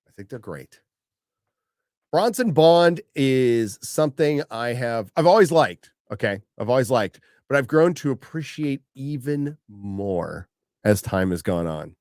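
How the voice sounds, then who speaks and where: A man's voice: medium pitch, animated, a little slow, a little mellow, no room sound. Middle-aged guy on a livestream mic, blunt and cussing a lot, repeats himself for emphasis, dry close sound. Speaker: host reading viewer questions. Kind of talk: casual profane livestream chat.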